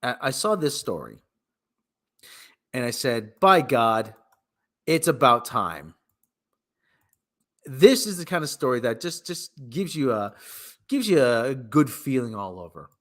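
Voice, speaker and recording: Man, livestream host, lively up-and-down voice, rambling chat, self-interrupting, mock announcer asides. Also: mid-range voice, unhurried, pauses often. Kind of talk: casual solo livestream chat.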